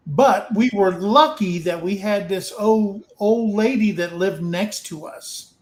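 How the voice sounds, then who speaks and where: A man's voice: high-pitched, takes it slowly, echoey room, low-quality recording. A man casually telling a frank, rambling story to a livestream audience, swearing now and then. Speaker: open mic storyteller.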